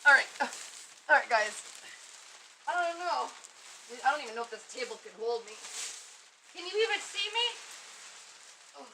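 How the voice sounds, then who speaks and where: Giggly lady on a livestream reading out comments, high bright voice, slow easy talk. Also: animated, a little hiss or hum. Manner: giggly, reads viewer comments aloud. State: muffled inside an inflatable costume at times. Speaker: psychic livestream host. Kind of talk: casual livestream chat.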